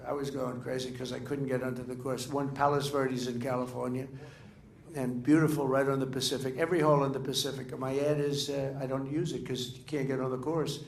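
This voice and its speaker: A man's voice: mid-range voice, gravelly, a little hiss or hum. An older man giving rambling, boastful, anecdotal remarks at a dinner gathering. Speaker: speaker at a political dinner. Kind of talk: off-the-cuff after-dinner remarks. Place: large dining room. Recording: echoey room, faint ambience.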